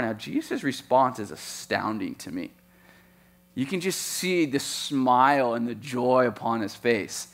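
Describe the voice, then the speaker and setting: A man preaching a sermon, animated, with playful asides and sudden swings between loud and soft. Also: mid-range voice, moderate pace, gravelly. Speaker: pastor.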